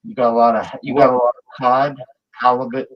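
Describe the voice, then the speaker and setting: A man's voice: medium pitch, little pitch movement, a little fast. Stammering man over dull call audio. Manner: stammering restarts, emphatic about his likes. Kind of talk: casual chat.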